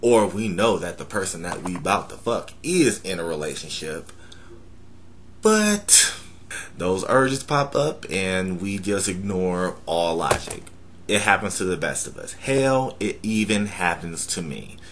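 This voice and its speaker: A man's voice: sits low, sing-song, a little slow, fairly bright tone, a little hiss or hum. A young man talking bluntly to camera in a profane, joking way. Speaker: vlogger. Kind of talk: casual talk to camera.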